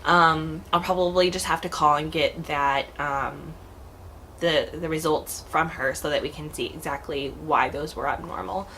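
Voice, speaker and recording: A woman's voice: low voice, fairly even intonation, measured pace, sharp tone, a little hiss or hum. A woman in her thirties talking casually to her vlog viewers in a chatty, rambling, heartfelt way. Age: 30s. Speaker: vlogger. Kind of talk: casual vlog talk to camera.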